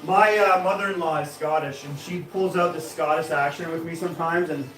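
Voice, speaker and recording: A man with a high voice hosts a casual live stream, chatting to viewers and breaking into loud, excited exclamations. He sits well back from the mic in an echoey room, with music playing behind him. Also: a little fast, recorded from a distance. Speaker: live-stream host doing knife-throwing trick shots.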